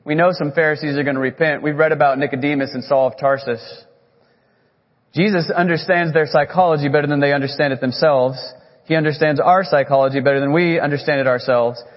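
A man preaching a sermon as a pastor, earnest, leaning on key words with slow, emphatic phrasing. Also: fairly high pitch, steady tone. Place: church sanctuary. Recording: echoey hall, muffled sound.

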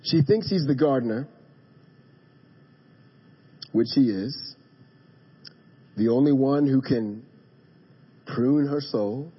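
A male pastor preaching a sermon in a church, moving from hushed emphasis to emphatic calls to his congregation. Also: medium pitch, takes it slowly, pauses often, slightly rough, dull audio. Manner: dynamic preaching, drops to a hush then rises to emphatic calls; addresses the congregation directly. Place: church sanctuary.

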